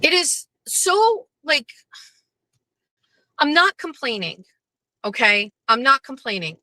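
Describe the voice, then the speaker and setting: A woman's voice: high-pitched, very animated, slow pace, bright, forceful tone, dry recording, poor audio. A middle-aged woman hosting her own show, venting bluntly and profanely in a rambling monologue from her parked car. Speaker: host.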